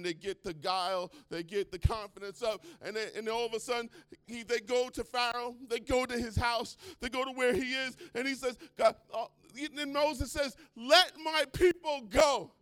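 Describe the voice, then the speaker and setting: Brief: high, bright male pastor, excitable, hushed to shouting, dry close sound. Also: normal speed, clear, resonant tone, no echo. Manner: excitable, swings from hushed to shouting, retells stories in voices. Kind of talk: sermon.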